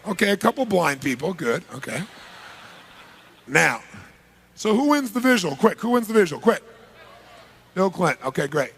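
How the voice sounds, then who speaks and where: A man giving a live seminar talk to a large audience, energetic and punchy, polling the crowd with quick questions. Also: sits high. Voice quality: gravelly, husky. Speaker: seminar speaker.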